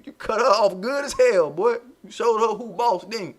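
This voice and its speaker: A man hosting a casual commentary stream, ranting in profane, animated street slang. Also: high-pitched, normal speed, hardly any pauses, slight background noise. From United States. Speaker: channel host.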